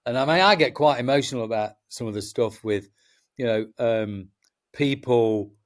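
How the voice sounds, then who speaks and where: A man's voice: mid-range voice, moderate pace. A middle-aged man, a festival promoter chatting as a guest and telling stories passionately, with many restarts. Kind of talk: casual chat.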